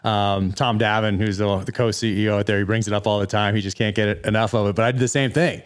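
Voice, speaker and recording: A man's voice: lowish voice, steady tone, fast. A man hosting a podcast in casual chat, eagerly chiming in with a matching story of his own. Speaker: podcast host.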